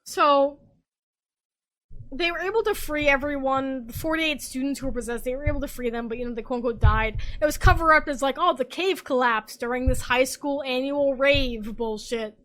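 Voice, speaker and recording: A young woman podcast host, drunk, rambling excitably and swearing as she recaps a story in casual chat. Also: high voice, moderate pace.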